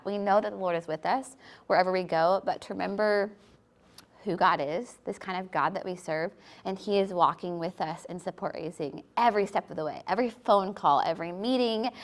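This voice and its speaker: A woman on a ministry panel, a wife and mother, sharing a Bible verse in a chatty way with many "like" fillers. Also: mid-range voice. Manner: warm, chatty, many "like" fillers, quick little laughs. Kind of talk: personal devotional sharing on a panel.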